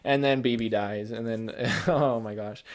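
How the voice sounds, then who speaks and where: Rambling, excitable man chatting casually. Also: medium pitch, unhurried. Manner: rambling and excitable, heavy use of "like" and "kinda". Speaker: gaming channel host. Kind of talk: casual spoiler chat about a video game.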